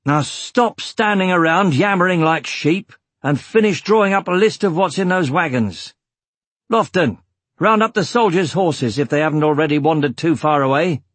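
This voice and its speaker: A man voicing a gruff male warrior leader in an audiobook, shouting commands at his people. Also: on the high side, moderate pace, no room sound, voice pushed up. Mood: commanding.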